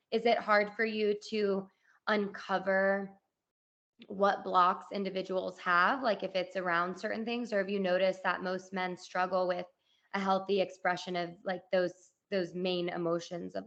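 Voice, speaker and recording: A woman in her thirties hosts a podcast interview, chatting casually and using plenty of "like" and "you know." Her mid-range voice is a bit bright with vocal fry, and she speaks a little slowly. The audio sounds dull.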